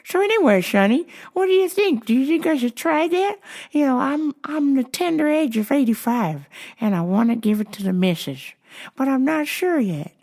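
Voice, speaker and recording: A woman voicing an eighty-five-year-old hard-of-hearing male customer, high and indignant. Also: big pitch swings, moderate pace, a little mellow.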